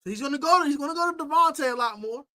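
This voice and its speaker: A man hosting a football preview, trash-talking rival fans in a boastful, animated way and repeating his taunts. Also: very high voice, rapid-fire. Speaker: sports podcast host.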